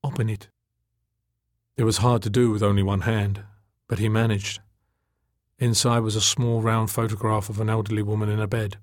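A man narrating an audiobook in a measured, dramatic storytelling manner. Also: fairly low pitch, flat delivery, no room sound, clean studio sound.

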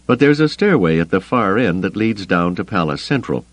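Audiobook: male reader as a composed military commander, quiet authority, lively delivery, dry sound. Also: deep voice, moderate pace, no room sound. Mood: calm, commanding. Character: calm, commanding veteran male officer. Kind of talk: audiobook character voice.

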